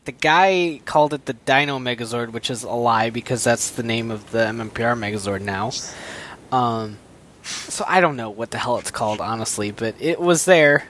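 A man's voice: mid-range voice, normal speed, fairly bright tone, a little hiss or hum. A man co-hosting a casual podcast, laid-back and rambling, with frequent ums while going through news. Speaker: podcast co-host. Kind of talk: casual chat.

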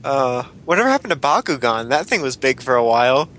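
A young man in casual chat, rambling and swearing lightly as he talks. His voice is bright and forward. A faint rumble sits behind him. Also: very animated, brisk. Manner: rambling, swears, laughs often.

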